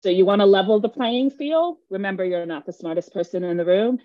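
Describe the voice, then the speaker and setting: A woman's voice: mid-range voice, fairly quick, no room sound. A woman speaking as a business coach, giving emphatic, insistent advice and repeating her points for weight. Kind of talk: direct-to-camera advice talk. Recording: dry, slightly muffled sound.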